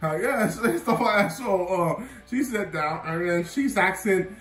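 A man's voice: sits high, unhurried, fairly bright tone. A young man casually telling a personal story, rambling with lots of fillers and often laughing at himself. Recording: roomy sound, mic at a distance, faint music.

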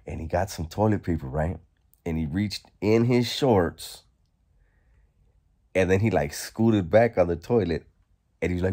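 A man vlogging, telling a story casually in a profane, slangy, animated way. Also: low voice, measured pace, long pauses.

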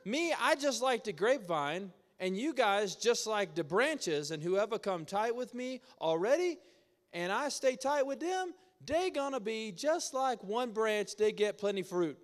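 A man voicing a relaxed Jesus speaking in Hawaiian Pidgin, read playfully and folksy in a church. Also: high-pitched, unhurried, voice pushed up. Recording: echoey church hall.

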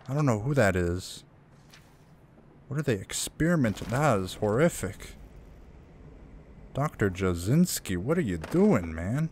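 Low-voiced man joking through a horror game. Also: sing-song, unhurried, long pauses, a little mellow, a little hiss or hum. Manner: casual, joking, reads game notes aloud. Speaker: let's play gamer. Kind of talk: gameplay commentary.

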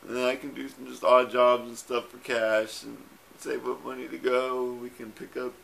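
A man's voice: medium pitch, little pitch movement, normal speed, creaky, fairly bright tone. A man, tearful, recording a rambling and tender video message to his wife, with fillers and swearing. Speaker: husband saying goodbye. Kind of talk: personal video message to camera. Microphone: self-recorded camera.

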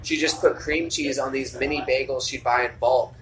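A man's voice: mid-range voice, steady tone, normal speed. A man chatting and joking as a podcast guest. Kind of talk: casual chat. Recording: distant mic with crowd noise.

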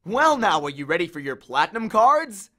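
A man voicing a smooth, coaxing male casino bellhop with a syrupy, drawn-out delivery. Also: high-pitched, big pitch swings, bright, forceful tone, heavily acted.

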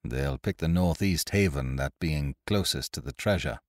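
A man voicing a cool, commanding male pirate captain in a storybook reading, giving brisk orders. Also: mid-range voice, very animated, slightly rough, dry recording, studio quality.

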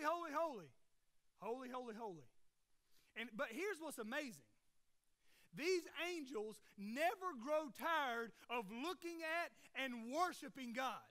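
A man's voice: very high voice, bright, forceful tone. A young man preaching a sermon as a pastor, earnest and conversational, full of rhetorical questions.

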